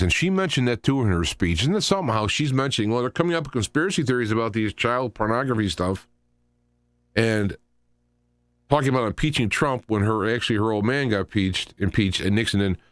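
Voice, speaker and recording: A man's voice: fairly low pitch, no echo. A man hosting a show, giving rambling, opinionated political commentary as he thinks aloud. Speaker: show host.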